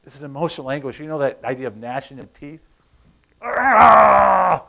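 A man preaching a sermon, animated, asking the congregation questions and acting out sounds. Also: mid-range voice, very fast. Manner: animated, acts out groans and crowd sounds, asks the congregation questions. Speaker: pastor.

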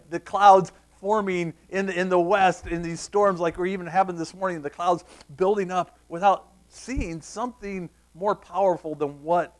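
A man, preaching a sermon and telling a personal story, tearing up at times. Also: high voice. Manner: storytelling, animated, emotional. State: tearful. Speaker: pastor.

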